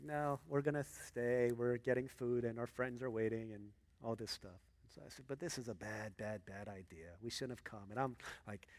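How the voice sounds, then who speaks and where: A male pastor preaching a sermon, an animated storyteller who shifts into a hushed, earnest tone. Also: high voice, gravelly.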